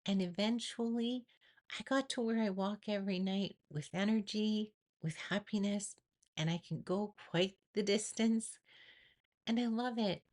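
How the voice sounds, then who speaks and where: A woman's voice: medium pitch, unhurried, darkish tone. Earnest middle-aged woman telling her story. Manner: earnest, reflective, with acted-out inner quotes. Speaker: vlogger sharing personal story. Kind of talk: personal storytelling to camera.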